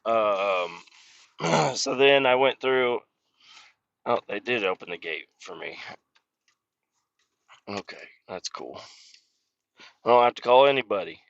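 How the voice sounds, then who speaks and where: A man's voice: mid-range voice, lively intonation, slow pace, vocal fry, pauses often, fairly bright tone, dry recording, lo-fi sound. A man hosting a podcast, griping and swearing casually about his job while driving in his car. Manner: profane, exasperated griping. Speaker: podcast host. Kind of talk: casual solo rant.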